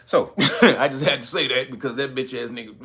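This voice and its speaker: A man hosting his own channel, giving loose, profane commentary and laughing often as he talks. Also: pushed and bright. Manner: mocks a stiff, slow talker in a low voice. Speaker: channel host. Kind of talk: casual commentary video.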